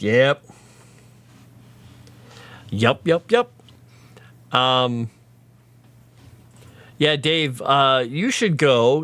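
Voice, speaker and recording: A man's voice: medium pitch, a bit bright. A man casually chatting with his livestream viewers, rambling through tangents while working on his lore writing.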